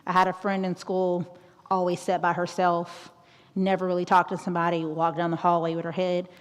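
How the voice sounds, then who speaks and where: A woman's voice: fairly low pitch, monotone, fairly quick. A woman in her thirties giving a school talk as a guest presenter, outgoing and joking, often checking in with "right?". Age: 30s. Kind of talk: school talk on mental health. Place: large auditorium. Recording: long echo of an auditorium.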